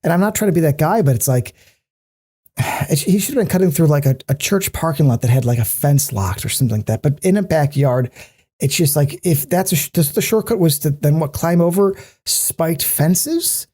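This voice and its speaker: A man co-hosting a casual podcast, picking apart what annoys him with plenty of swearing. His voice is dark and mellow, and he keeps stumbling into restarts as he rants. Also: on the high side, breathy edge. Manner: critical, ranting, swears freely; halting, many restarts. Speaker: podcast co-host. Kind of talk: casual chat.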